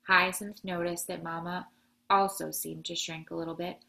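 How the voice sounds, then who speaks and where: A woman educator reading a children's novel aloud, expressive with occasional slips. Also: on the low side, moderate pace, vocal fry.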